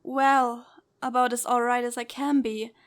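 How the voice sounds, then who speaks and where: A woman playing a young grieving woman with a German accent, soft and caring, in an audio drama. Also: a little high, flat delivery, a little slow, clear, resonant tone, lightly acted. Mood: gentle concern.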